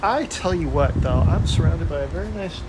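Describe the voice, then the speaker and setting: A man's voice: on the high side, animated, a little fast, heavy background noise. A man in goofy, rambling casual banter with a mock-dramatic way of talking.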